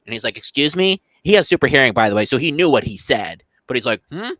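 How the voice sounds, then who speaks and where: A man's voice: mid-range voice, animated, racing, fairly bright tone, dry recording. A young man co-hosting a casual film review podcast, rambling with repeated words and acting out scenes. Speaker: podcast co-host.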